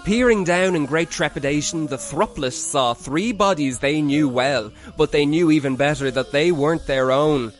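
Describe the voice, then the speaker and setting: A man reading a scripted spooky story in a measured storybook delivery. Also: a little high, soft background music. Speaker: narrator.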